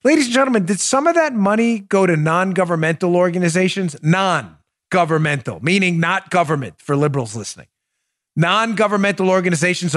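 A man's voice: high voice, a bit bright. Fired-up male political talk host. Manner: emphatic, addresses audience as folks; rhetorical questions, restarts sentences. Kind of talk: opinionated commentary.

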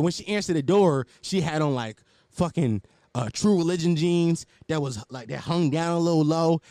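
A man's voice: on the high side, a little mellow, no room sound. A man telling a rambling, profane personal story in a casual way.

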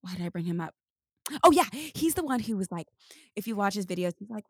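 A woman chatting casually, animated and laughing often, acting out quotes as she talks. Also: mid-range voice, quick pace, breathy edge, no room sound, studio quality. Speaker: Broadway performer. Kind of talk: casual chat.

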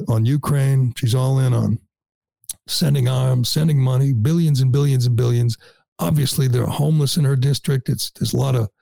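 A man's voice: medium pitch, creaky, mellow, no echo. A man hosting a talk radio show, delivering sarcastic, mocking opinion commentary.

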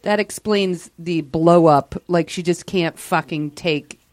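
A woman guest in a casual comedy chat, talking forcefully and with strong opinions. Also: lowish voice, fairly even intonation, slow, no echo. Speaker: podcast guest.

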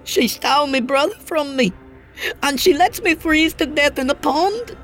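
A man voicing a vengeful young boy ghost who screeches in a high-pitched voice. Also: unhurried, a bit bright, faint music behind.

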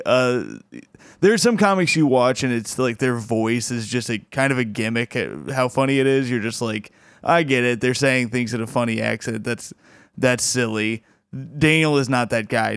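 A man's voice: mid-range voice, a bit bright, clean tone, no room sound, studio quality. Chatty laughing podcast host man. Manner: rambling, laughs often, restarts. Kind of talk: casual podcast chat.

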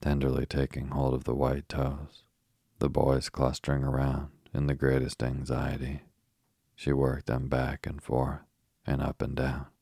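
A very deep, monotone male narrator. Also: a little slow, vocal fry, husky, dry recording, clean studio sound. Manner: steady, even reading with little rise and fall. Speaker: audiobook narrator. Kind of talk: scripted storybook narration.

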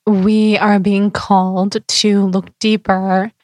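Earnest woman guest, mid pitch. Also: flat delivery, slow pace, darkish tone, no room sound. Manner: earnest, reflective. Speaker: podcast guest. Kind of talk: casual interview chat.

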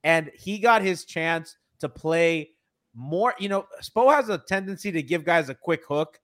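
A man hosts a casual sports podcast over a video call, his voice bright and a touch high. He laughs often and reads viewer chat aloud in an excitable, rambling way. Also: a little slow. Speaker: podcast host.

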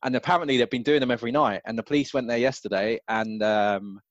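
A man's voice: mid-range voice, fairly even intonation, fast talker, no echo, highs cut off. Man chatting, dry sound. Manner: short reactions, casual slangy banter. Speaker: podcast co-host. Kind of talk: casual chat.

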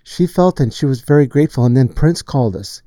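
A man's voice: mid-range voice, brisk, no echo. A man who produces music, telling a studio story in casual chat and acting out the lines he quotes. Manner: animated storyteller, acts out quotes.

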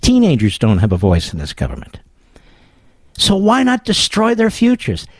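A man hosting talk radio in a high, very lively voice, sarcastic and combative. He is recorded dry and close on a studio mic. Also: normal speed, breathy edge, dry recording. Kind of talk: political talk radio monologue.

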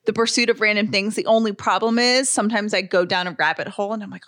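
A woman's voice: medium pitch, fast talker, a bit bright, no echo, clean studio sound. A woman co-hosting a podcast, chatting casually and enthusiastically, laughing often while presenting fun facts. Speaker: podcast co-host. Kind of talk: casual chat.

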